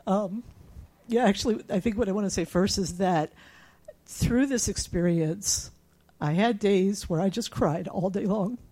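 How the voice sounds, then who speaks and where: A woman's voice: mid-range voice, unhurried, warm tone, slightly rough. A middle-aged woman candidly telling her own story and reading her emails aloud, with fillers and small laughs. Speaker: cancer patient sharing her story.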